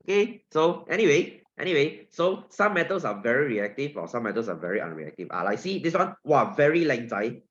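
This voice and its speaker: A man's voice: mid-range voice, very animated, a little fast, few pauses, fairly bright tone, dull audio. A man with a Singaporean accent teaching an online science lesson, playful and jokey, full of teasing analogies.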